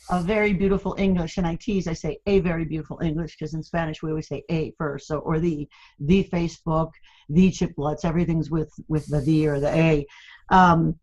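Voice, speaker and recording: Older woman, lively laughing storyteller. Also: on the low side, muffled recording. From United States, Cuban American family. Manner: laughs often, animated storytelling with playful teasing. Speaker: guest. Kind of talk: candid conversational interview.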